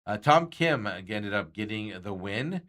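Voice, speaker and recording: A man's voice: lowish voice, lively intonation, measured pace, a bit bright. A man hosting a sports radio show, chatting casually and rambling with frequent chuckles and self-corrections.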